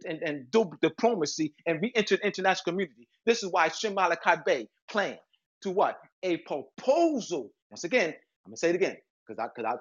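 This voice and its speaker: Emphatic high-voiced man lecturing. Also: a bit bright, slightly rough, dull audio. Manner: emphatic and repetitive, restarts phrases. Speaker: guest author. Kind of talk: lecturing interview talk.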